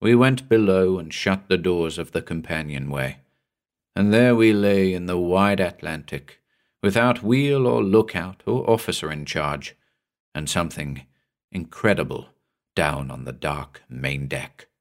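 A man narrating a horror story in a measured, suspenseful reading. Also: sits low, lively intonation. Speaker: audiobook narrator.

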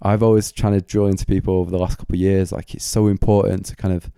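A man's voice: low voice, flat delivery, quick pace, warm tone, smooth, no echo. A man hosting a solo Q&A podcast late at night, his voice going a bit, rambling with lots of filler words like "kind of" and "like". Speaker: podcast host.

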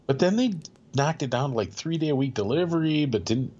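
A man's voice: medium pitch, lively intonation, a little fast, darkish tone. A man co-hosting a music show, rambling wryly through opinions in casual chat. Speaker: radio show co-host. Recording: slightly dull lo-fi sound.

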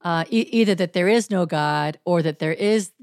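A woman's voice: fairly low pitch, darkish tone, no echo, studio quality. Thoughtful woman podcast host. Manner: thoughtful, halting. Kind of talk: conversational interview.

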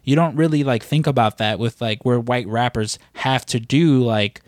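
A man's voice: medium pitch, normal speed, darkish tone, no room sound, clean studio sound. A man chatting casually on a podcast, rambling with lots of filler words. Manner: rambling, heavy use of "like" and "you know". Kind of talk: casual chat.

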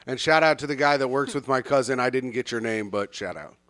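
A man's voice: medium pitch, fairly quick, fairly bright tone, dry recording. A man co-hosting a comedy podcast, bantering casually and swearing freely as he teases his co-host. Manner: profane, teasing banter.

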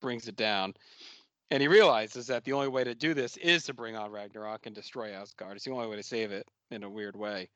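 A man's voice: fairly low pitch, brisk, fairly bright tone, dry recording, lo-fi sound. A man co-hosting a podcast, recapping a movie's plot with enthusiasm and jokes. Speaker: podcast co-host. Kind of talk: casual movie discussion.

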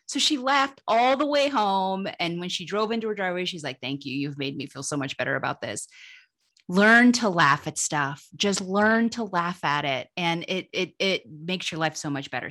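Ożywiona, jasna kobieta opowiadająca anegdoty. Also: female voice, moderate pace, few pauses. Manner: lively, laughing, jumps up in pitch when telling funny bits. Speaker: guest, humor writer. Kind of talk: animated storytelling in an interview.

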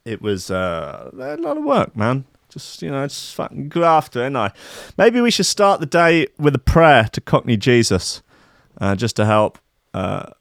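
A man's voice: mid-range voice, huge pitch swings, a little slow, creaky, dry recording, clean studio sound. A man hosting a show, chatting in a rambling, profane, joking way. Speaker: show host. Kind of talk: casual chat.

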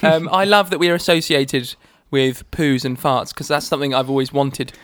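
Easygoing co-host, slightly high voice. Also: male voice, fairly even intonation, normal speed, smooth, no room sound, clean studio sound. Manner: easygoing, teasing, laughs a lot. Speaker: podcast co-host. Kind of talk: casual chat.

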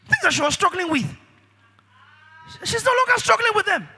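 A man delivers an animated sermon at a moderate pace with faint music in the background. He shouts at some moments, drops low at others, and repeats phrases for emphasis.

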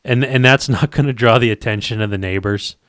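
A man's voice: mid-range voice, brisk, fairly bright tone, dry recording, studio quality. A man co-hosting a casual chat, breaking in with jokes and questions. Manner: jokey, interjects with wisecracks.

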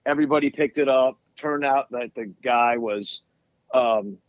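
A man's voice: medium pitch, a little slow, dry recording. Rambling man, dull lo-fi sound. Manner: rambling, many restarts and laughs. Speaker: musician guest. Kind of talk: casual interview chat.

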